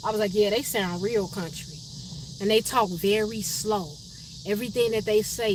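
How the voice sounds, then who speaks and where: A woman's voice: medium pitch, steady tone, moderate pace, background noise. A woman from Chicago with a Chicago accent, chatting casually on her live stream and answering viewers' comments by name. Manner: chatty, reads viewer names and comments aloud.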